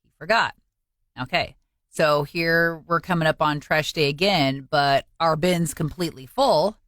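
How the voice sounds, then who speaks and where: Woman telling animated stories. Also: a little slow, dry recording. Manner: animated storyteller who acts out quoted speech in a higher voice. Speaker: podcast co-host. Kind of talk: casual chat.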